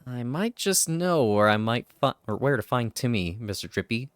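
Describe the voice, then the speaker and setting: A man voices a cheeky little fairy in this fan dub of a story game. He is bossy and loud, his lines full of scolding and teasing. The pitch leaps about with lively swoops. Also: normal speed, smooth, no room sound, natural voice. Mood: brash. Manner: brash, teasing, shouty.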